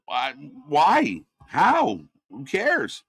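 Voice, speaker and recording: A man's voice: on the high side, wildly swooping pitch, very slow, a bit bright, husky, no echo. A man doing unscripted live watch-party commentary, ranting and swearing in exasperation.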